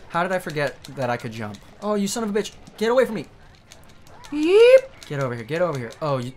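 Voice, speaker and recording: A man giving profane, joking commentary as he plays a video game, reacting loudly to the screen. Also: sits high, slight background noise. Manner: excitable, swearing, joking at the screen. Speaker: let's play streamer.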